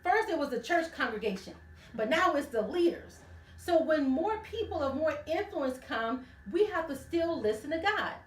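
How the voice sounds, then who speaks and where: A woman who hosts a radio ministry teaches from scripture in an easy, conversational style, animatedly voicing each character's lines as the story unfolds. Her voice is high and her pace moderate, and the distant mic places her back in a roomy space where echo lingers on her words.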